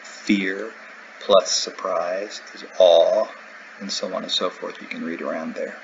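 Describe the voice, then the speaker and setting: Man, very low voice, lecture review, conversational, dull lo-fi sound with faint hiss. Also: steady tone, unhurried. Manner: conversational, with everyday examples. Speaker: instructor. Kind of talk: recorded lecture.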